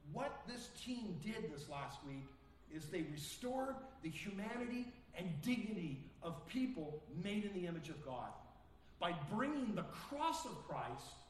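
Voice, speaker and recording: A male pastor preaching a sermon earnestly, acting out quoted voices with sudden rises in pitch. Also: roomy sound, distant mic, slight background noise.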